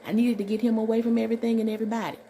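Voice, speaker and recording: Nurse storyteller from Alabama: warm, animated woman who acts out every exchange, with a faint hiss behind. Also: on the high side, racing. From Alabama, USA. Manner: animated, emphatic, acts out dialogue. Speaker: registered nurse telling a story. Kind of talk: storytime vlog.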